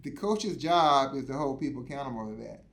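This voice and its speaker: A man's voice: medium pitch, animated, a little fast, gravelly. A man giving a motivational teaching talk, preachy and emphatic with lots of repetition. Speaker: insurance exam coach.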